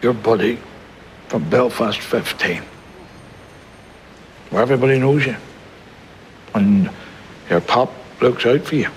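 A man's voice: medium pitch, unhurried, long pauses, a little hiss or hum, natural voice, low-quality recording. An actor playing an older grandfather in a film scene, tender and reassuring with a dry sense of humour. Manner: tender, reassuring, dryly humorous. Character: warm older grandfather, gentle and wry. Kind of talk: film drama acting.

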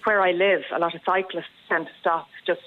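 Low-voiced Irish woman telling a story by phone. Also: brisk. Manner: animated storytelling, laughs often. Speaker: caller. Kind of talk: phone-in radio chat. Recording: muffled phone-in line on radio.

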